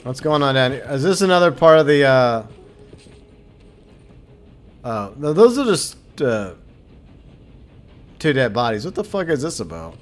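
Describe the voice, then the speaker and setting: A man's voice: medium pitch, sing-song, measured pace, long pauses, soft background music. A man from Minnesota giving casual, joking commentary as he streams a game, swearing freely.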